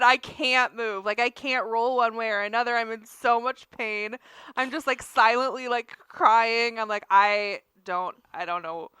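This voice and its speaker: Bright, crisp-voiced woman telling a story. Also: fairly high pitch, no echo, studio quality. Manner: animated storyteller, laughs often. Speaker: podcast co-host. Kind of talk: casual chat.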